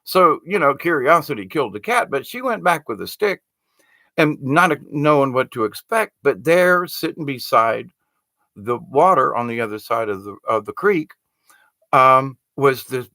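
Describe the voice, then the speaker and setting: Animated male storyteller, bright and lively. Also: medium pitch, unhurried, vocal fry, no echo. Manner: animated, conversational storyteller with frequent restarts. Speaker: spiritual teacher. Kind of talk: spoken storytelling talk.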